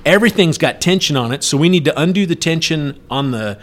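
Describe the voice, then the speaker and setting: A man's voice: on the high side, fairly quick. Middle-aged man telling a wild story. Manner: animated, acts out yelled quotes. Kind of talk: casual storytelling chat.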